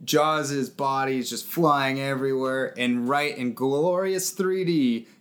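A man co-hosting a podcast, recapping a movie in a jokey way and often breaking into silly voices. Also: slow pace. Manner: animated, jokey, jumps into squeaky character voices. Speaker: podcast co-host. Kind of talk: casual movie recap chat.

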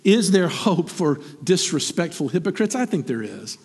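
A man preaching a sermon as pastor, animated and emphatic, swinging from high peaks down to low, quiet asides. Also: moderate pace, slightly rough. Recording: long hall reverb.

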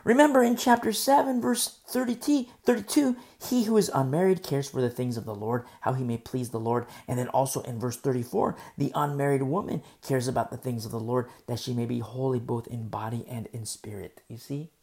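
A woman's voice: extremely low pitch, fairly quick, gravelly, few pauses, warm tone. A woman preacher giving a verse-by-verse Bible teaching. She is emphatic and rhetorical, repeats key phrases and keeps asking "You see?".

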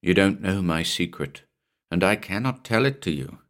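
A man voicing a troubled, brooding man confined to an asylum, speaking in a slow, gentle, strained way. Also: low voice, animated.

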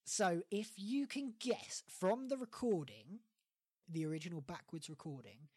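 A man's voice: high voice, unhurried, a little mellow, breathy edge, dry recording. A man with a West of England accent hosting a casual podcast game, giggling often. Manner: giggly, breaks into laughing fits. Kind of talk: casual game show chat.

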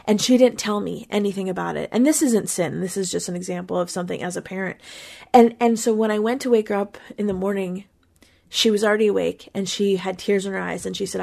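A woman's voice: medium pitch, steady tone, quick pace, creaky, dark tone. A woman hosting a Christian talk, giving an earnest, conversational reflection on a psalm, with small repeats as she thinks aloud. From Pennsylvania, USA. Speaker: Christian podcast host. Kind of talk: devotional Bible reflection.

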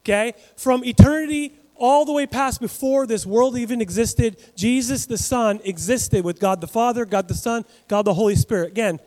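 A man preaching a sermon as pastor, talking in a conversational, animated way with asides to the congregation. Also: extremely high pitch, moderate pace, few pauses, big-room sound, rough recording.

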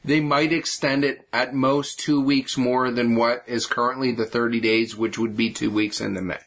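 Male podcast guest, plain mid voice, hesitant and halting delivery. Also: mid-range voice, steady tone, a bit bright. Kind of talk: casual chat.

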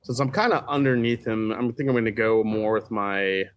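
A man's voice: on the low side, moderate pace, clean tone, no room sound. A man playing a tabletop game, joking and laughing, trailing off mid-sentence. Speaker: player. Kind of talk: casual tabletop play.

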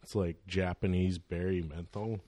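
A man's voice: low voice, steady tone, moderate pace, mellow, a little hiss or hum. A man from northern California, a guest telling laid-back, slangy stories with frequent laughter in a casual chat. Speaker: podcast guest, DJ.

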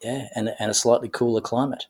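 A man's voice: mid-range voice, steady tone, brisk, a little mellow, breathy edge. A middle-aged man from Australia chatting casually as a podcast co-host, with many fillers and restarts. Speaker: guest co-host.

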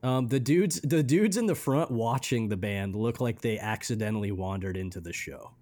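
A man co-hosting a casual music podcast, rambling with many restarts and trailing off quietly. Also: on the low side, moderate pace. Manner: rambling, restarts often, drops quiet at ends of thoughts. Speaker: podcast co-host reviewing music. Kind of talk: casual chat.

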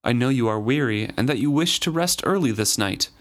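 A man reading the first-person lines of a loyal young assassin, speaking softly and gently. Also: medium pitch, lively intonation, brisk, lightly acted. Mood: gentle. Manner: soft, gentle delivery.

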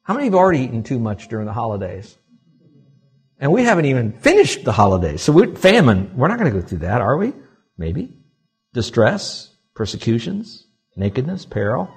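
Male pastor, husky tone, dynamic pulpit delivery swinging soft to loud, church sermon. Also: medium pitch, fairly quick, soft background music. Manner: animated preaching with wide swings from quiet to loud.

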